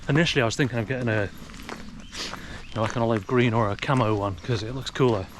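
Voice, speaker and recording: English man, casual walking commentary, woodland outdoors, clear outdoor noise, action cam. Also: medium pitch, fairly quick. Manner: chatty, talks to his dog in a raised sing-song voice. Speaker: outdoor vlogger. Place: outdoors in a forest. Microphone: action camera.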